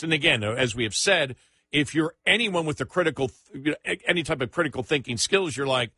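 A male talk radio host talks politics in a bright, pushy tone. He sounds incredulous and stammers into restarts. The studio sound is close and dry. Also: fairly high pitch, fairly quick, dry recording.

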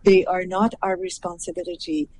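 A woman guest on a podcast giving advice in a measured, emphatic way, acting out short exchanges as she explains. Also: on the low side, fairly even intonation, darkish tone, a little hiss or hum, poor audio. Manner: measured and emphatic, acts out little dialogues. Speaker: guest, personal growth teacher.

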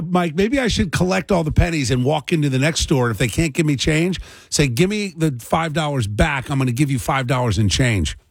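A man's voice: mid-range voice, slightly rough, no room sound. A man hosting a call-in radio talk show, chatting casually and rambling with fillers.

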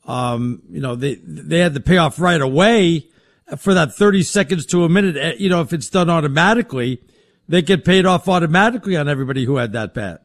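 A man's voice: fairly high pitch, lively intonation, a little fast, no room sound, clean studio sound. A man co-hosting a sports talk show, wry and sarcastic in casual chat. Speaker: sports radio co-host.

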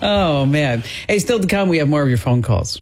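A woman hosting a talk radio show, chatting casually, telling lively stories and laughing easily. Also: deep voice, normal speed, loud music behind the voice.

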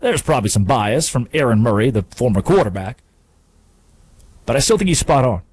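A man's voice: medium pitch, animated, a little fast, a little mellow, slightly rough, no echo. A man hosting a sports radio show, delivering an emphatic, sarcastic monologue at a studio microphone.

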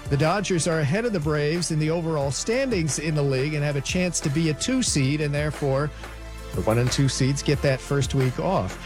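A man reading a brisk, matter-of-fact rundown of scores as the sports update anchor in a radio studio. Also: a little high. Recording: music bed under voice.

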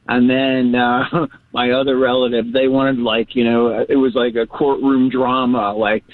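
A man's voice: medium pitch, flat delivery, measured pace, dry recording. A male caller eagerly telling a story on a late-night radio show, full of fillers. His voice is thin and tinny, as over a phone line. It sounds dry. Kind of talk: chatty call-in anecdote.

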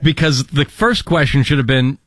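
A man's voice: mid-range voice, lively intonation, moderate pace. A man co-hosting a talk show, making pointed, argumentative remarks. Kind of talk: political talk.

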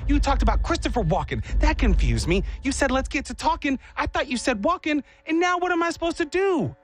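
A man's voice: sing-song, fairly quick, a little hiss or hum. A man doing a nagging, impatient dog. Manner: nagging, high-pitched complaining. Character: impatient pet dog, male, pushy and whiny.

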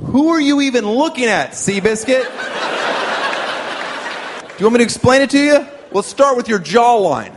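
Mocking male comic, high lively voice, reverberant noisy hall. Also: moderate pace, long pauses, a crowd in the background. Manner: brash, mocking insult delivery. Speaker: stand-up comedian. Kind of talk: stand-up comedy.

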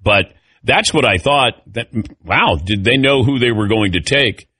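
A man's voice: mid-range voice, a little slow, husky, no echo, clean studio sound. A middle-aged man hosting a sports talk radio show, telling stories with animation and calling on his panelists. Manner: animated storyteller, calls on panelists.

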